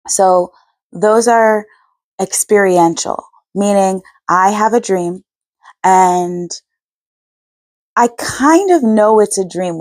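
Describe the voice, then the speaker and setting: A woman's voice: lowish voice, no echo. A woman hosting her own channel, chatting earnestly about her spiritual experiences, rambling and correcting herself as she goes. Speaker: channel host. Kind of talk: casual spiritual vlog chat.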